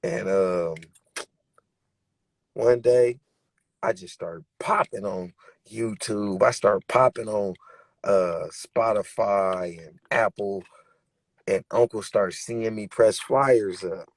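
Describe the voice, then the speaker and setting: A man's voice: fairly low pitch, slow, pauses often, dry recording. A young man, a rapper, telling his story in an interview with emphatic, streetwise conviction. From Bay Area, California. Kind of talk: candid interview talk.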